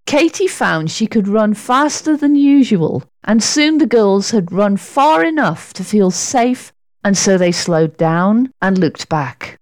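A woman narrating a children's storybook with an expressive, deliberate delivery. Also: mid-range voice, no room sound.

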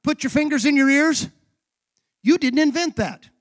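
A man preaching with fervor in a strikingly high voice. He builds to shouted peaks, then drops low and quiet, retelling scripture like a drama. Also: moderate pace. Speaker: pastor. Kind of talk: sermon.

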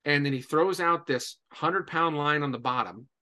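Man, forties, from Indiana, podcast guest, bright tense tone, slightly high, rambling storyteller. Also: normal speed. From Indiana, USA. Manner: lively storyteller, many "and, uh" fillers. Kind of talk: animated anecdote.

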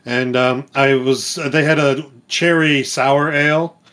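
Man, podcast guest, casual chat, easygoing, laughs a lot, middle pitch. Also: steady tone, slow pace, a bit bright. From Long Island, USA.

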